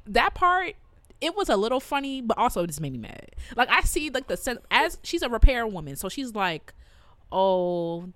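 A woman who co-hosts a podcast and teaches orchestra, telling stories in casual chat with an animated, exasperated delivery. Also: no echo. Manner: animated, exasperated storytelling with sudden jumps in pitch.

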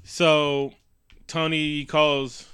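A man casually recapping a superhero movie on a podcast, swearing freely and acting out scenes with quick quoted lines. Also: fairly high pitch, clean tone. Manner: profane, animated, acts out scenes with quotes. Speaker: podcast co-host.

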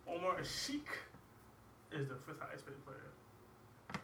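A man's voice: on the high side, sing-song, slow, background noise. A man arguing his point in casual sports podcast talk, often restarting words. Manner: argumentative, stumbling restarts. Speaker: podcast co-host. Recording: roomy and distant.

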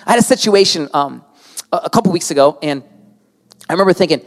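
Preacher with long hall reverb. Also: male voice, fairly high pitch, quick pace. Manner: lively storytelling, quotes others, plays with words. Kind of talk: sermon.

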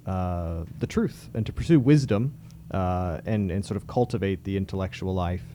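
A man's voice: sits low, normal speed, warm tone, a little hiss or hum. A man, a priest, co-hosting a casual chat and explaining things agreeably, with frequent fillers. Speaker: priest and podcast co-host.

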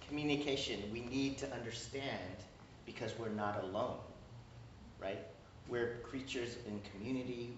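A male pastor with a medium-pitched voice preaches conversationally and animatedly, often asking the congregation "right?" and acting out little dialogues. The recording has a roomy echo from a distant mic, sounds dull, and carries slight background noise.

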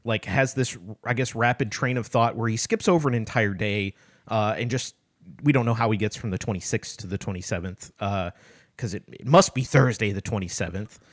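A man's voice: fairly low pitch, a little fast. A man co-hosting a casual book discussion, reading a passage aloud with sarcastic emphasis and picking apart the writing. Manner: sarcastic, critical, reads passages with mocking emphasis. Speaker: podcast co-host.

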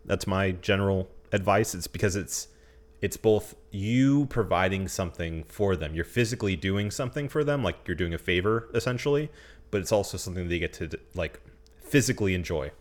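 Deep-voiced, easygoing man. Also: lively intonation. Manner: easygoing and measured, hedges with fillers while explaining. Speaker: podcast host. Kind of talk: casual chat.

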